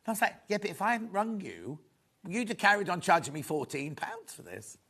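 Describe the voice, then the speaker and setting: A man presenting a live shopping show in a studio, chatty and rambling with quick asides. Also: high voice, sing-song, bright, forceful tone. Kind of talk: live selling chat.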